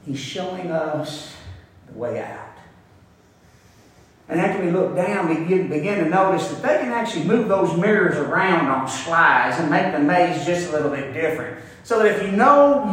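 A man's voice: high-pitched, moderate pace, a bit bright. A man preaching a conversational sermon, often repeating words and laughing at his own stories. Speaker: pastor. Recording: echoey room from far off.

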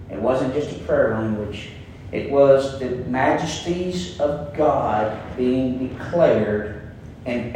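A man's voice: on the high side, a little mellow, slight background noise. A man with a Kentucky twang preaching a sermon as pastor, folksy and emphatic, telling stories to make his points. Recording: echoey room, voice picked up from a distance.

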